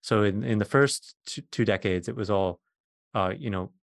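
A man's voice: lowish voice, normal speed, gravelly, dry recording, studio quality. A middle-aged man, a physicist guest, patiently explaining science in plain words during a conversation.

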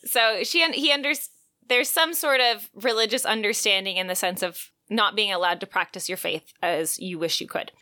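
A woman's voice: medium pitch, moderate pace, pushed and bright, no room sound, studio quality. A woman co-hosting a book podcast, chatting in an easygoing, giggly way. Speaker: podcast co-host. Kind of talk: casual chat.

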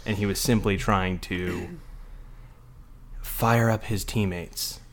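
A man's voice: lowish voice, fairly even intonation, slow. A young adult man co-hosting a casual sports podcast, ranting heatedly and sarcastically, with a lot of swearing. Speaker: podcast co-host.

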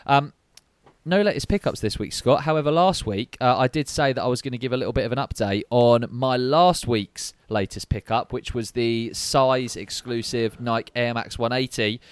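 A man co-hosts a podcast, chatting casually, rambling a little and using fillers. He has a medium-pitched, clear, resonant voice at normal speed, captured in a dry recording.

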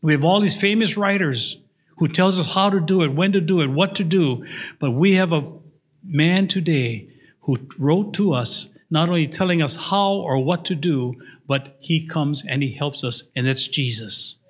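An older male pastor with a high voice delivers an animated sermon. He speaks directly to the congregation and acts out the characters in his stories. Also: normal speed.

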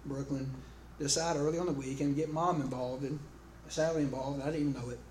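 A man preaching a sermon in an animated, conversational way, often restarting phrases and calling out to his congregation. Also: medium pitch, fast. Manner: calls out to the congregation. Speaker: pastor. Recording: echoey room with faint background noise.

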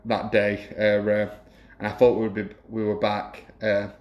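A man's voice: on the low side, completely flat delivery, normal speed, highs cut off. Rambling man, roomy. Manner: rambling storyteller, hesitant restarts. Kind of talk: casual chat. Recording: roomy echo.

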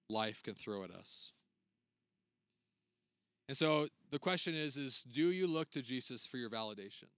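Male preacher, bright and slightly higher voice, earnest sermon delivery with emphatic swells, dry close sound. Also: no room sound. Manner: earnest, rising to emphatic peaks, many restarts. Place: church service hall.

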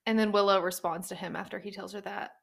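A young woman chatting casually about books she loves, lively and talkative, slipping into the characters' lines as she retells scenes. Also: medium pitch, creaky, breathy edge. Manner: chatty, animated, acts out characters' lines in quick asides. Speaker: book reviewer. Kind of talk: casual book recommendation chat.

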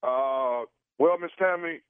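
A man's voice: mid-range voice, clean tone, no room sound. A man making a prank phone call, posing as a caterer and stammering through his explanation with lots of fillers. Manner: halting, stammering with many fillers. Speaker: radio prank caller. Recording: tinny phone line.

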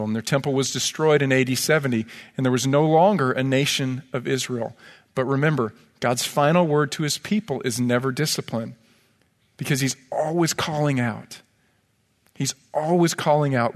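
A male pastor delivers an earnest, pleading sermon, weaving in scripture. His voice sits a little high for a man. The sound carries a long reverb from the church sanctuary.

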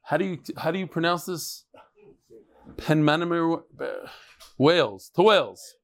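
Man leading a Talmud class. Fairly high voice, energetic and chatty, works a room full of guests. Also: measured pace. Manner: reads emails aloud in a playful tone. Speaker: Talmud teacher. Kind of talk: lively greetings before a daily Talmud class.

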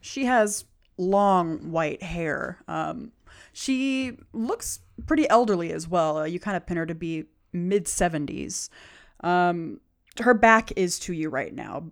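Woman in her GM chair, low-pitched voice, calm scene-setting storyteller. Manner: unhurried descriptive narration. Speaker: game master. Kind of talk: narrating a tabletop game.

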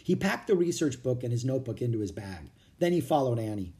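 Animated, mellow children's book reader. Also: mid-range voice, quick pace. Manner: expressive, animated reading. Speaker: audiobook reader. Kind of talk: children's storybook narration.

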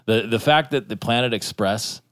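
A man's voice: mid-range voice, moderate pace, a bit bright, dry recording, studio quality. A man hosting a casual podcast chat, wry, steering the talk and asking the others questions. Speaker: podcast host.

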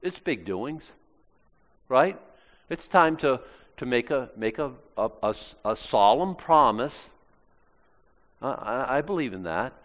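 Lively preacher guy, pitch jumping all over, big reverb hall. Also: slow pace, long pauses. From Maine, US. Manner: animated, acts out quoted lines in shifting voices. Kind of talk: sermon.

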